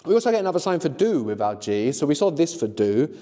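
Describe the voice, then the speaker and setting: A middle-aged man teaching a live workshop, encouraging the learners and often checking in with a quick "no?". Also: on the high side, big pitch swings, warm tone, long reverb tail. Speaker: language teacher.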